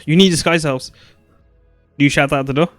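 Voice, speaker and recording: A man's voice: on the high side, fairly even intonation, brisk, fairly bright tone, no echo, faint music behind. A man running a tabletop game as game master, narrating loosely with lots of fillers and restarts.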